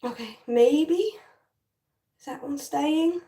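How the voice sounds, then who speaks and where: Young woman, livestream host, casual hair-styling chat, frustrated, swears a lot, highish voice, roomy echo. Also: slow, warm tone, recorded from a distance. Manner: frustrated, swearing, talking to viewers. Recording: echoey room, voice off-mic.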